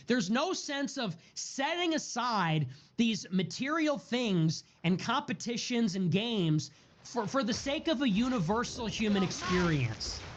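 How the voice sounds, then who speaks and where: A man giving a heated political monologue, repeating and stacking words in a building rhythm, with profane outbursts. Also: high-pitched. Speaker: political streamer. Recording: dull lo-fi audio.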